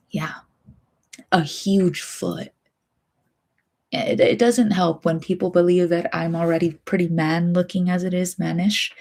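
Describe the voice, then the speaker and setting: A young woman in her twenties chatting casually on a soft-spoken stream, rambling and often slipping into a whisper. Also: fairly low pitch, creaky, breathy edge. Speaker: streamer and hobby voice actor.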